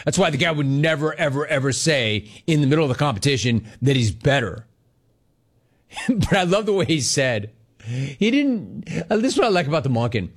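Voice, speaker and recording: A man hosting a sports talk show, riffing through opinionated commentary. His pitch swings widely as he slips into mocking impressions, and he laughs often. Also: big pitch swings, normal speed, slightly rough.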